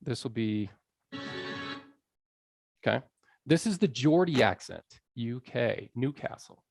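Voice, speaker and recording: A man's voice: mid-range voice, expressive, slow pace, vocal fry, a little mellow, no echo, clean studio sound, faint music behind. A man lecturing on language learning in a conversational way, often checking in with his audience. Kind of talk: public lecture. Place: college lecture room.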